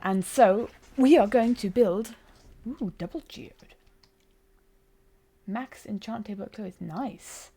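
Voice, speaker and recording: A woman's voice: medium pitch, takes it slowly, pauses often, mellow, husky. A woman streaming a game, chatting casually, giggling and poking fun at herself, speaking close to a desk mic. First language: bilingual. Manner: chatty, giggly, self-mocking. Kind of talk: casual live-stream chat.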